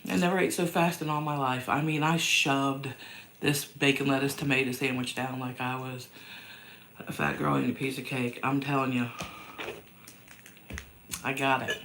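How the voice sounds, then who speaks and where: A woman's voice: rumbling low, little pitch movement, moderate pace, pauses often, a bit bright, slight background noise. A woman hosting a casual livestream chat from home, rambling and self-mocking, with a cough that keeps breaking into her voice. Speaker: host answering viewer questions. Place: downstairs at home.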